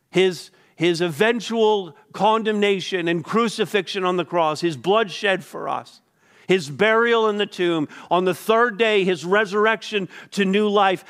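Male pastor, high voice, emphatic sermon delivery. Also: a bit bright. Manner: emphatic preaching with repeated words and pauses.

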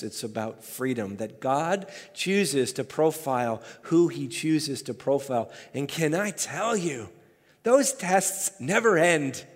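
Emphatic preaching man, church hall echo. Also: a little high. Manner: emphatic, rising to loud peaks. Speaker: pastor. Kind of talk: sermon. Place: church sanctuary. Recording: hall reverb.

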